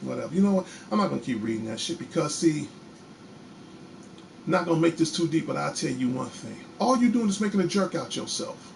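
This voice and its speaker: Chicago-raised male host with a raspy, fry-laced voice, delivering a defiant, profane live rant from his bedroom. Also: on the high side, expressive, brisk, noisy background. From Chicago, USA. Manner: angry, defiant, profane, repeats himself. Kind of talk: heated livestream rant.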